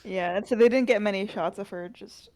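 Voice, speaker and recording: Relaxed woman, dry close sound. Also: medium pitch, fairly quick, no room sound. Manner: relaxed, brief reactions and soft agreeing. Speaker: podcast co-host. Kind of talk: casual chat reviewing a TV episode.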